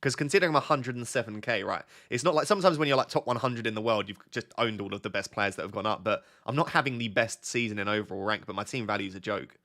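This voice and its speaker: A man's voice: on the low side, quick pace, hardly any pauses, fairly bright tone. A young man chatting casually on a live stream, reading out viewer comments and drifting off on tangents. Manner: chatty, easily sidetracked, reads out chat messages. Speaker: fantasy football streamer.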